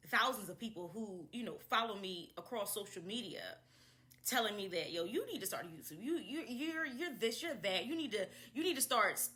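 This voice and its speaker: A young woman chatting casually to camera to introduce her channel, animated and laughing often as she repeats herself. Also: mid-range voice.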